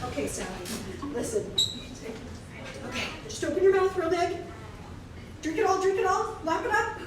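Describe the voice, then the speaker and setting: A woman's voice: very high voice, sing-song, normal speed. A woman playing a fussy potion-brewing woman in live improv comedy, chattering as she works. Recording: echoey stage from far off with noise.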